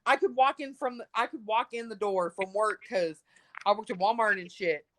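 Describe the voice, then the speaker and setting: A woman, chatting casually and telling profane, animated stories. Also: mid-range voice, normal speed, no room sound. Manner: profane, animated storytelling with acted quotes. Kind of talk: casual chat.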